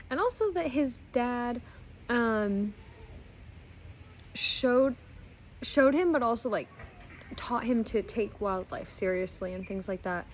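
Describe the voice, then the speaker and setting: A woman's voice: mid-range voice, a little hiss or hum, rough recording. A woman casually reviewing a book, retelling stories in a chatty way, with frequent ums and likes. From not Australian.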